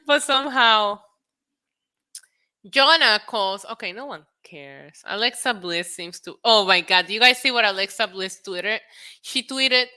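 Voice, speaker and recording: A woman's voice: medium pitch, animated, moderate pace, bright, forceful tone, clear, resonant tone. A woman with a New York accent hosting a casual wrestling news livestream, chatting freely, swearing and laughing as she reads headlines and viewer comments. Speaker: wrestling talk show host.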